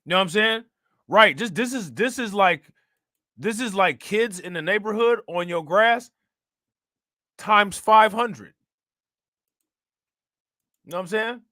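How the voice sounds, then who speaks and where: Bright-voiced man ranting on commentary. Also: high voice, measured pace, pauses often, no room sound, clean studio sound. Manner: animated, indignant, talks straight to viewers. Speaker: host reacting to news clips. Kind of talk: casual commentary.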